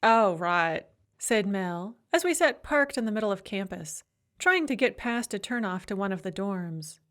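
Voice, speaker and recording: A woman's voice: mid-range voice, expressive, moderate pace, a bit bright. A woman reading an audiobook in a wry, dry first-person storytelling voice. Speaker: audiobook narrator.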